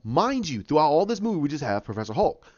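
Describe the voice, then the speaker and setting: A man's voice: fairly high pitch, big pitch swings, fast talker, mellow, no echo, lo-fi sound. A man hosting a podcast, recapping a film casually and acting out scenes with many restarts. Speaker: podcast host.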